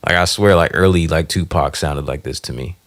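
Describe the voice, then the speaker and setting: A music producer with a very deep, fairly bright voice talks quickly and casually to himself while writing a song. He thinks aloud, tests lines, and sometimes sings them over a beat.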